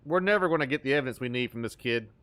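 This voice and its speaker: A man hosting a horror game livestream, talking casually and making goofy, crude jokes with excitable outbursts. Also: medium pitch, racing. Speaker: livestream host playing horror games. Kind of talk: casual gameplay commentary.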